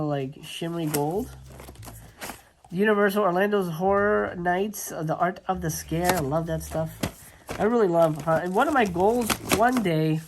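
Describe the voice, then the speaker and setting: A man's voice: high voice, a little hiss or hum. A man hosting a casual video tour of his movie collection, talking enthusiastically and rambling with lots of fillers and restarts. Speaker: YouTube host. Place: home movie room.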